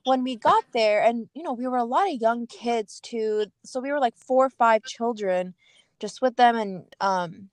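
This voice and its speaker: A young woman co-hosting a relaxed conversation, her voice sitting a little high. She tells a personal story in a loose, filler-heavy way. The recording is dry, with no room sound. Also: moderate pace, dry recording. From Kurdish family living in America. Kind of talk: casual chat.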